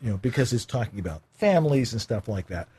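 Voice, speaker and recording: A man with a husky, breathy voice whose pitch moves about a lot as he talks. He is a voiceover actor hosting a relaxed, casual chat from his home recording booth. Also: fast. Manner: relaxed, with easy laughs and restarts.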